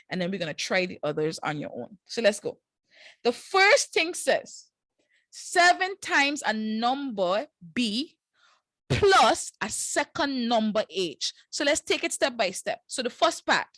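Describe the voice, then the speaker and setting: A woman's voice: a little high, fairly bright tone, dry recording. A woman teaching a live online math class, walking students through each step in a casual, encouraging way with slang asides.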